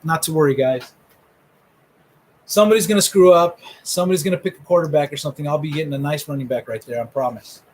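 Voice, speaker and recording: Joking middle-aged male host, fairly high. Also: fast, slight background noise, low-quality recording. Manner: joking, rambling trash talk. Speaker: host revealing a fantasy draft order. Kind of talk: casual live commentary.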